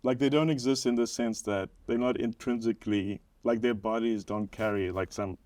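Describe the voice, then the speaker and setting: South African man, low voice, dry sound, young adult, relaxed explainer, lots of fillers. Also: moderate pace, no room sound. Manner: explanatory, hedging with many "like"s, laughs easily. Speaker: guest documentary maker. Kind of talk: casual podcast chat.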